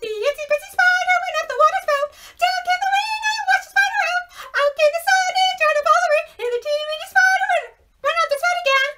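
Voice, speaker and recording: Lady doing a tiny squeaky spider, super high and zippy, kids' song. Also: bright, forceful tone, distant mic, a little hiss or hum. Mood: excited. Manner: squeaky and very quick.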